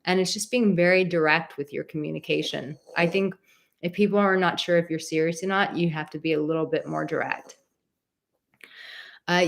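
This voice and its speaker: Lower-pitched woman hosting a live advice chat. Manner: reads viewer comments aloud and answers them; encouraging, direct, repeats words for emphasis. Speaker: advice show host.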